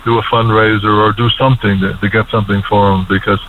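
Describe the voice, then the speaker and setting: A man calling a radio show, choked up, halting and repeating himself as he speaks. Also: fairly low pitch, little pitch movement. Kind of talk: emotional call-in talk. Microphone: phone. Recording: tinny phone line with faint hiss.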